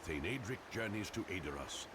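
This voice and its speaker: A man putting on the voice of a grave, deep-voiced epic narrator for a fantasy game, in a slow, solemn storybook delivery. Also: expressive, fairly bright tone, a little hiss or hum.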